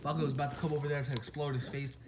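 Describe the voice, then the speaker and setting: A young man casually retelling a fan story, rambling and excitable, full of fillers and quick apologies. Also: fairly high pitch, noisy background.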